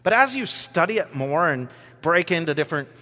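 A man gives a podcast sermon, talking loosely with frequent fillers and reading scripture aloud between comments. His voice sits a little high for a man. The recording carries a long, lingering reverb. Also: sing-song, a little fast, bright, forceful tone. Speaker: pastor.

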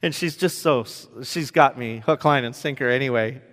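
A man's voice: mid-range voice, normal speed. Man preaching a sermon in a reverberant hall. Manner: animated storytelling, swinging from loud to hushed. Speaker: pastor.

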